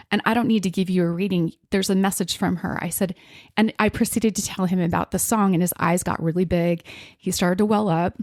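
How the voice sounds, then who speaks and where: Expressive woman telling a story on a podcast. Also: fairly low pitch, no echo, studio quality. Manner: expressive, acts out quotes, frequent fillers. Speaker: podcast host, medium. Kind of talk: storytelling in casual chat.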